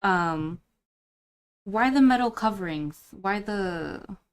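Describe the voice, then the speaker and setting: A woman's voice: medium pitch, expressive, slow, smooth. A woman voicing a curious adult woman adventurer who asks casually probing questions.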